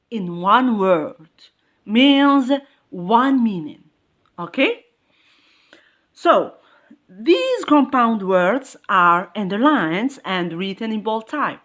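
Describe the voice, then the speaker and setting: A woman teaching an English lesson in English, talking slowly, repeating words and checking understanding again and again. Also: medium pitch, fairly bright tone. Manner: slow, repetitive, checks understanding with "okay?"; non-native English phrasing. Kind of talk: classroom lesson.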